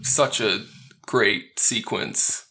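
A man's voice: fairly low pitch, extremely slow, pushed and bright. A man co-hosting a film podcast, talking casually and laughing often as he retells scenes and acts out the characters' lines. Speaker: podcast co-host.

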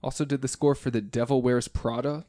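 A man's voice: mid-range voice, fairly even intonation, a little fast, warm tone, no echo, clean studio sound. Rambling man hosting a podcast. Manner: rambling, self-correcting, chuckling. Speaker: podcast host. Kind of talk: casual podcast chat about a film.

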